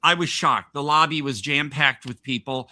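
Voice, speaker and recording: Bright-voiced rambling male podcast host. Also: mid-range voice, normal speed. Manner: rambling storyteller with frequent laughs and restarts. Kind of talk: casual podcast chat, anecdote telling.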